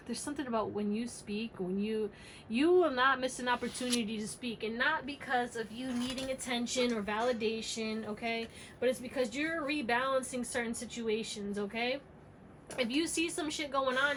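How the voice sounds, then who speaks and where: Woman doing a tarot reading, kinda high voice, blunt n sweary, lil hiss in the background. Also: normal speed, rough recording. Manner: blunt and emphatic, swears freely. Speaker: tarot reader.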